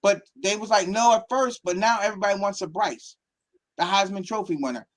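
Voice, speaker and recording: A man's voice: sits high, fairly quick. A man, a football academy coach from Pittsburgh, talking casually in an interview and acting out quotes as he tells stories. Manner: animated storytelling, acts out quotes.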